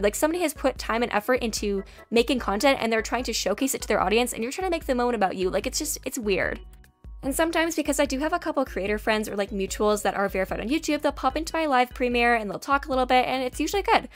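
Brief: woman, high and quick, sassy storytime vlogger, faint music underneath. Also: expressive. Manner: sassy, chatty, lots of "like". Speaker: YouTube graphics artist. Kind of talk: casual storytime vlog. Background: faint background music.

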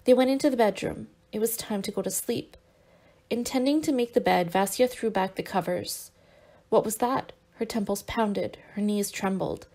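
A woman narrating an audiobook in a steady, measured reading voice. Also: medium pitch, vocal fry.

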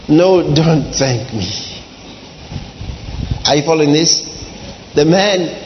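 A male pastor preaching a sermon, dramatic, swinging between soft drawn-out lines and shouts. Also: on the high side, a little hiss or hum. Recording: dull lo-fi sound in a large reverberant hall.

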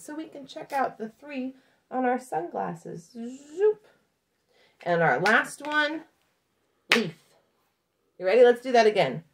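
A woman teaching a children's lesson, talking patiently in a sing-song teacher voice to young kids. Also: high voice.

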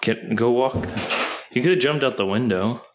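A man making a casual home vlog at night, playfully scolding his dog and jumping into a high sing-song voice. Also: unhurried. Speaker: vlogger. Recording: echoey room, voice far from the mic, faint noise.

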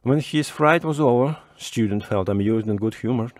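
A man reading a classic short story aloud as measured, expressive audiobook narration. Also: medium pitch, no echo.

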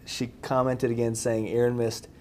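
A man's voice: medium pitch, little pitch movement, normal speed, a little mellow, slight background noise. A man talking casually off camera on a live stream, bashful and self-conscious, laughing between remarks. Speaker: crew member on a live stream.

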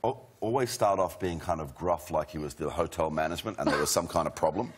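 A male actor on a talk show sofa, telling a story in a relaxed, laughing way. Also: extremely low pitch, fast talker. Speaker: actor guest. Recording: loud studio audience and noise.

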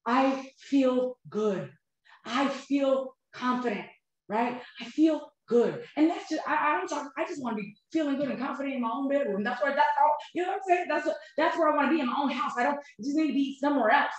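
A woman talks straight to her viewers, animated and heartfelt, calling them "you guys." Her voice sits a touch high. It rings with heavy echo from a bare room. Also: brisk, muffled recording. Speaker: host of a couples health channel. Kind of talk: emotional personal talk to viewers. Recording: very echoey room.

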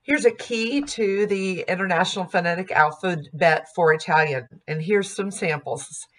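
A woman gives a music diction lesson in a fairly low voice, speaking slowly and carefully. She models sung vowels and words aloud.

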